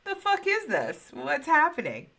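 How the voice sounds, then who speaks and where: A woman voicing an excited, insistent wife who is staring at a strange light in the night sky. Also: mid-range voice, unhurried, pitched above the performer's own voice, exaggerated voice.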